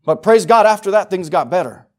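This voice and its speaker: Middle-aged male pastor, high voice, emphatic conversational sermon delivery with repeated phrases. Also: animated, fairly quick.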